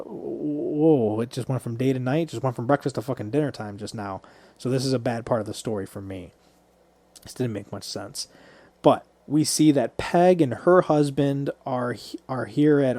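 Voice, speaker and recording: Mellow-voiced man recapping a movie. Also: mid-range voice, no echo. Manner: loose, profane storytelling. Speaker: podcast co-host.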